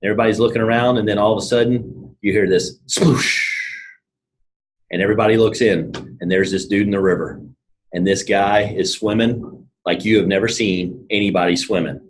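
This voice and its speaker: A man, giving an energetic, casual motivational talk to his team and telling stories. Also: on the low side, a little fast, poor audio. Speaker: network marketing team leader.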